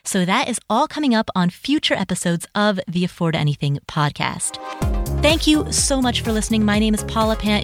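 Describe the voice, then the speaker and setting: A woman hosting a solo podcast from a home closet, chatty and enthusiastic, with carefully articulated speech. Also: medium pitch. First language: Nepali. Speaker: podcast host. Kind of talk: solo podcast outro, reading listener reviews. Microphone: home studio mic in a closet.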